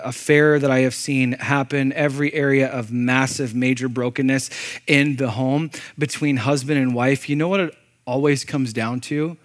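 A male pastor preaching a sermon in a conversational, animated way, swinging from loud emphasis to low, intense delivery and asking the congregation questions.

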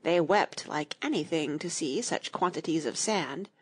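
A woman narrating a children's audiobook, reading rhymed verse in an expressive, rhythmic way. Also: low-pitched, a little slow, breathy edge.

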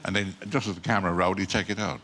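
An older English actor telling rambling, dry anecdotes as a talk show guest, with mumbled asides. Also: male voice, low-pitched, fairly even intonation, rapid-fire, bright, forceful tone, slight background noise. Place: TV studio with audience.

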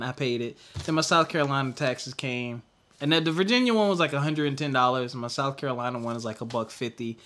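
A young adult man co-hosting a podcast, venting candidly in casual chat and trailing off into quiet mutters. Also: mid-range voice. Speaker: podcast co-host.

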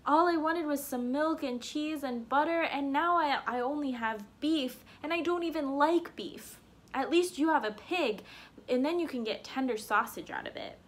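A woman's voice: high-pitched, normal speed, pitched above the performer's own voice, lightly acted. A woman voicing a naive, cheerful young peasant man in a told folktale. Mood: wailing. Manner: eager, easily swayed.

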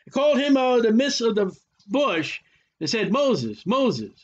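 A man teaching a Bible study as a sermon, animated, sarcastic and preachy, from the United States. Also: extremely high pitch, normal speed. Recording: muffled lo-fi recording.

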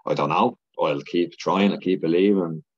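A man telling stories as a podcast guest in casual, rambling, excitable chat with lots of filler and repeats. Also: sits low, normal speed, husky. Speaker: podcast guest, Ironman athlete. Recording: dull lo-fi podcast audio.

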